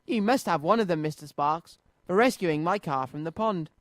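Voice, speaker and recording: A man's voice: on the high side, animated, moderate pace, dry recording, close to an everyday voice. A man voicing Noddy, an eager and fretful little toy boy, in a children's storybook reading full of anxious exclamations.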